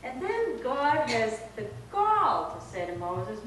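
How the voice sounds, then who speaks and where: A woman minister giving a lively, playful sermon who acts out the voices she quotes. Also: fairly high pitch, normal speed, hardly any pauses. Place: church sanctuary. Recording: echoey church hall from far off, with hiss.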